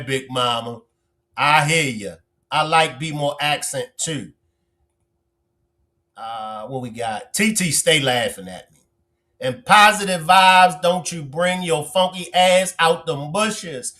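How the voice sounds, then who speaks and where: A man hosting a casual livestream, reading and teasing viewers' comments in an animated way, stretching words for emphasis. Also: fairly high pitch, unhurried. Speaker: livestream host.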